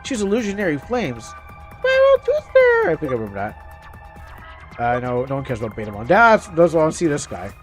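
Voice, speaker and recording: A man's voice: mid-range voice, big pitch swings, fast, faint music behind. A young man streaming a game, chatting casually and reading game text aloud, often stumbling and restarting words.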